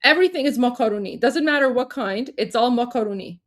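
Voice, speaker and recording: A woman's voice: fairly high pitch, quick pace. Chatty woman hosting a livestream. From Iran. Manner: chatty, with many fillers and restarts, laughing often. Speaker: livestream co-host. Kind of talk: casual livestream chat.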